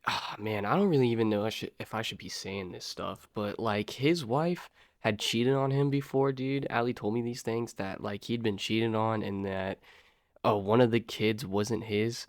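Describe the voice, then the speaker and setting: A young man casually telling a personal story to his viewers, rambling and slangy, peppering his talk with "dude" and "bro" and swinging between loud and quiet. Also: lowish voice, normal speed, dry recording.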